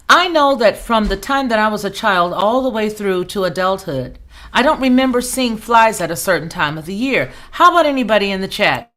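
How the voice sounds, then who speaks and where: A woman's voice: on the high side, a bit bright. A woman hosting a casual livestream, chatting and reading viewer comments aloud in an outspoken, conversational way. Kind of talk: casual live-chat talk.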